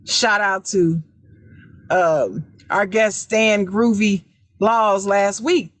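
A woman hosting a podcast, giving advice in a casual chat with a deliberately raised, emphatic voice that repeats key words. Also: medium pitch, no echo. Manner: deliberately raised, loud speaking voice. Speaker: podcast host.

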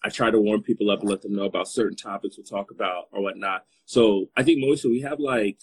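A man's voice: fairly low pitch, steady tone, fast talker, a little hiss or hum, rough recording. A man hosting a live stream in casual chat, playful and teasing, rambling with fillers.

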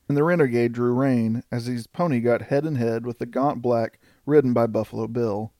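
A man narrating an audiobook with steady, even reading. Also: mid-range voice, normal speed, few pauses, no room sound, clean studio sound.

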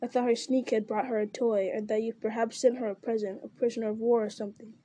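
A woman voicing a gruff, stern male orc captain who growls out blunt orders in an audiobook reading. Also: fairly high pitch, level tone, fast, warm tone, no room sound, lightly acted. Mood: boastful.

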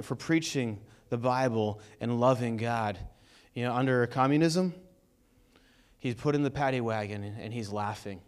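A man preaching a sermon in a conversational, energetic way, asking the congregation rhetorical questions. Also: medium pitch, smooth. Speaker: pastor.

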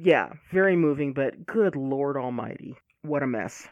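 A woman's voice: a bass voice, animated, measured pace, darkish tone, highs cut off. A woman co-hosting a casual podcast chat, with many fillers, laughs and sighs. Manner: chatty, lots of fillers, laughing, sighing. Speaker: podcast co-host.

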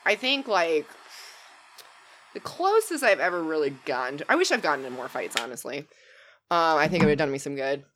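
Animated woman telling a rowdy story. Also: low-pitched, a little fast, a little hiss or hum. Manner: animated, swings into loud shouted retellings. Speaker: podcast guest. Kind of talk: casual storytelling chat.

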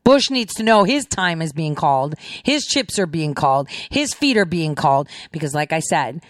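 Sarcastic woman with lively pitch. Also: normal speed, no room sound, studio quality. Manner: sarcastic, rhetorical questioning. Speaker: podcast host. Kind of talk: political commentary reacting to clips.

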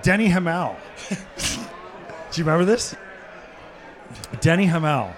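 A man with a high voice tells rambling, profane hockey stories. He is animated and acts out what others said. He is a guest at a live podcast taping in a sports bar. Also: a little slow. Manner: profane, animated, quotes people mid-story. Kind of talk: casual storytelling.

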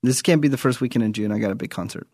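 A man's voice: mid-range voice, very fast, darkish tone, slightly rough, no echo. A man co-hosting a podcast, laid-back and joking, laughing often. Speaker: podcast co-host. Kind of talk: casual chat.

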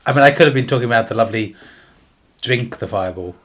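A man's voice: medium pitch, fast talker. A man co-hosting a podcast, chatting casually with dry, brief replies. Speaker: podcast co-host. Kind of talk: casual chat.

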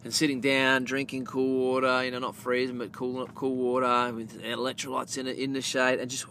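A man's voice: medium pitch, moderate pace. An Australian man, around his thirties, hosts a casual podcast in a loose storytelling ramble. He swears easily, restarts his sentences, and keeps calling the listener mate. A faint hiss sits under his mid-range voice. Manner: gets loud and animated telling the punchline. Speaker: podcast host.

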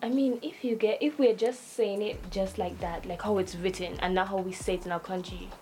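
A woman's voice: medium pitch, steady tone, a little fast, darkish tone. Antiguan-accented woman, emphatic chat guest, faint music underneath. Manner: insistent, emphatic when arguing. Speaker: guest reader. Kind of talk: casual chat, reading word lists.

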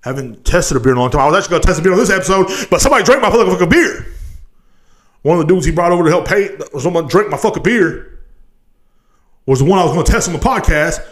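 A man in his thirties hosts his own beer podcast and rants in a loose, rambling way. His voice sits slightly higher than most men's. He swears constantly and mocks the people he talks about. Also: lively intonation, fast talker, a bit bright. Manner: profane, rambling, mocking. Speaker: podcast host. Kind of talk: casual rant.

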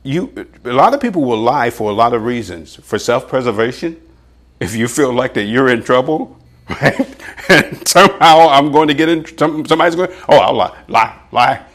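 A man preaching a sermon in an animated way, with chuckles and measured scripture readings. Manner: animated, pitch jumps for emphasis, chuckles often; reads scripture aloud in an old-fashioned, measured cadence.

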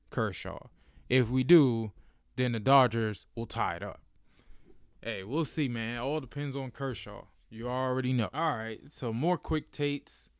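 A man's voice: mid-range voice, clean tone, no echo, clean studio sound. A young man hosting a casual sports podcast, talking loosely with slangy asides and frequent laughs. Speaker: podcast host.

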